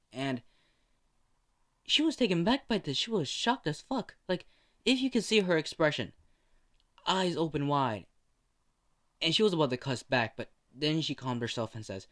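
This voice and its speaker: Slow, rambling young male storyteller. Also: on the high side, animated, fairly bright tone. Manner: slow, rambling, profane, laughs at his own story. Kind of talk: casual fan fiction storytelling.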